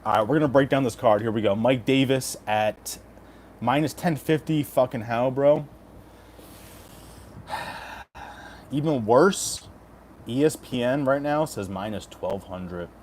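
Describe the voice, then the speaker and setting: A man in his mid-thirties hosts a casual live stream, joking, swearing and reading chat messages aloud. His voice sits at an ordinary middle pitch, with a faint hum of background noise behind him. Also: slow, long pauses, a little mellow. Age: 30s. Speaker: betting picks streamer.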